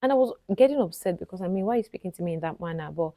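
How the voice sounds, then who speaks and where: A woman's voice: fairly low pitch, expressive, rapid-fire, dark tone, no echo. A Nigerian woman vlogger telling a personal story to camera, chatty and often talking straight to her viewers. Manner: chatty, frequently addresses viewers directly.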